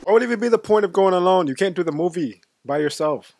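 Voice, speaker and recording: A man's voice: high-pitched, lively intonation, quick pace, gravelly, a little mellow, soft background music. A man hosting a movie reaction, chatting casually and laughing often. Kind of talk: casual commentary. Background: movie soundtrack.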